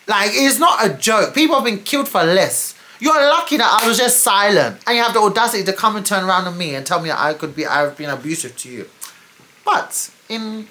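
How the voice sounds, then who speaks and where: A woman's voice: mid-range voice, a bit bright, slight background noise. A young woman telling a personal story to camera in a blunt, candid way, swearing freely with exasperated asides. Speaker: storytime vlogger. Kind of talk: casual storytelling.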